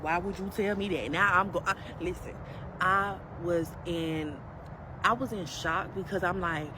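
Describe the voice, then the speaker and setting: A woman telling her own story in a casual, emphatic and animated way, talking straight to her viewers. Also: on the low side, unhurried. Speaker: storyteller in a played clip. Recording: street noise with passing vehicles.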